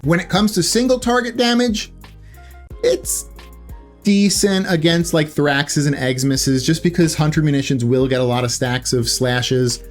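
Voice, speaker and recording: A man's voice: fairly high pitch, fairly even intonation, measured pace, faint music behind. A man giving casual gameplay commentary in a chatty way, correcting himself often with loose filler words. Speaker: gaming YouTuber.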